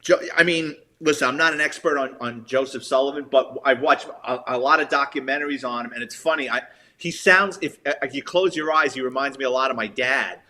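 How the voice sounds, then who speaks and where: A middle-aged man with a New York accent from the Bronx, a retired detective telling animated stories as a guest. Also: mid-range voice, fairly quick. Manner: animated, lively storyteller acting out quotes. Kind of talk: casual storytelling interview.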